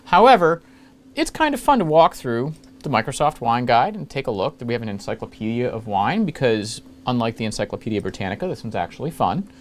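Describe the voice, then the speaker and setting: A man hosting a casual screen-capture walkthrough of old software, rambling along with jokey, self-mocking asides. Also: medium pitch, very animated, a little fast. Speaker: retro computing video host.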